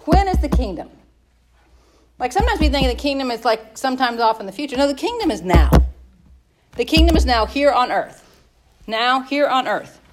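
A woman's voice: high voice, very animated, moderate pace, long pauses, background noise. A woman leading a Bible study class in a conversational way, spelling words out and restarting her sentences. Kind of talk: casual teaching talk.

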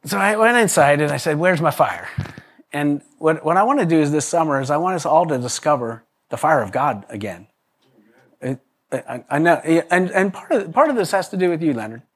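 Male pastor, sermon, slightly high voice, animated storytelling, frequent restarts. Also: fairly quick. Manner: animated storyteller, acts out quoted voices, laughs often, many restarts.

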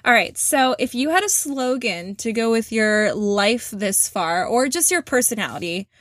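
A woman with a fairly high voice hosts a relaxed podcast chat, upbeat and encouraging, quick to laugh along with her guest. The sound is very dry and close, with no room around her. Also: dry recording. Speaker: podcast host. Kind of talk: casual interview chat.

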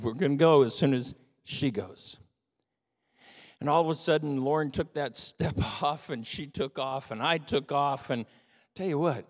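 An older man preaching a sermon as pastor, telling stories with animated emphasis. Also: a little high. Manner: animated storytelling, rising to emphatic peaks. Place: church sanctuary. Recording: long reverb of a church hall.

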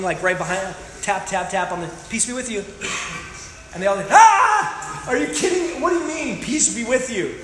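A high-voiced man preaching in a big echoing hall, the sound ringing on with a faint hum of room behind him. He jokes, acts out scenes and keeps the sermon lively. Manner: animated, joking, acts out scenes. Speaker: pastor.

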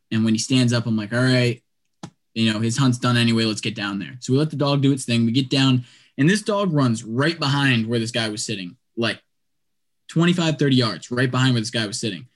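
A man telling a long story in casual chat, animated and acting out what people said, with lots of "like" and quick restarts. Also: mid-range voice. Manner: animated, acts out quotes, lots of "like".

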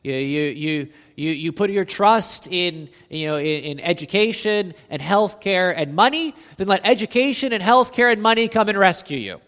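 A man delivers an expository sermon. His fairly high voice swells into loud, emphatic declarations, then drops to slow, hushed passages. He repeats words as he builds his points, and a long hall reverb trails every phrase. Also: expressive. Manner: impassioned, rising to near shouts on quoted verses, then dropping low and slow. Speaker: preacher.

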